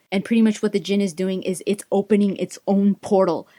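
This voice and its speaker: A woman's voice: medium pitch, brisk, few pauses. A woman casually retelling a fantasy book, mixing chatty summary with read passages and acting out the characters' lines. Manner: animated, acts out characters' lines. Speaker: book recap vlogger.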